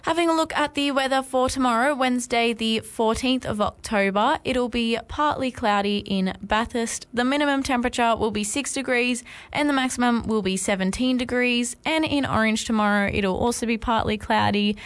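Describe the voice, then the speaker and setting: A woman hosting a community radio breakfast show, reading the weather in an upbeat, clear manner. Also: a little high, normal speed, few pauses.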